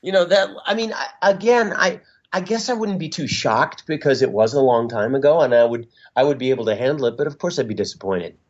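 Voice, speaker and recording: A middle-aged male musician guest speaking in an easygoing, reflective way, often pausing on little fillers. His voice sits at an ordinary middle pitch. The audio is a bit dull and lo-fi. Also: expressive. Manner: reflective and openly sentimental, easygoing with frequent fillers. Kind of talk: interview conversation.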